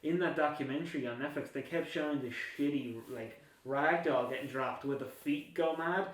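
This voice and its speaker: A man's voice: a little high, normal speed, distant mic. Rambling man, off-mic in an echoey room. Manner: rambling, laughs often, swears casually. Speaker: podcast host. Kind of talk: casual film chat.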